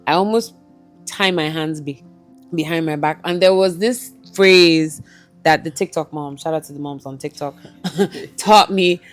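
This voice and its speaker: A chatty woman hosts a parenting podcast and tells lively stories as a mother. Her voice sits fairly low, with soft music playing faintly behind it. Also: measured pace. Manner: chatty, animated storytelling. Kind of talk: podcast interview.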